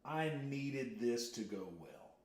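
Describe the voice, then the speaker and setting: A man hosting a casual cooking livestream from his home kitchen, excitable and boastful, exclaiming loudly about his own food. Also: medium pitch, takes it slowly, echoey room. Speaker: livestream host.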